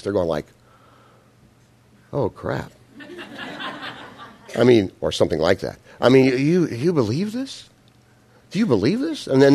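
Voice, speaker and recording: A man with a somewhat low voice delivers a sermon. He tells the story in an animated, conversational way, often acting out the lines of the people in it. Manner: animated storytelling, acts out quotes. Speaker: pastor.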